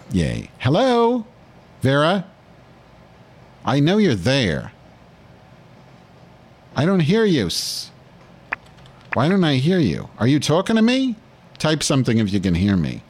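Over a noisy background, a man with a lowish voice hosts his own podcast and curses constantly. In this crude call-in segment he hurls abrasive, mocking insults at a caller.

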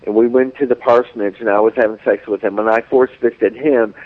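A man's voice: mid-range voice, steady tone, fairly quick, narrow, tinny audio. A man telling blunt, graphic stories on a radio talk show. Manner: blunt, graphic, unashamed storytelling.

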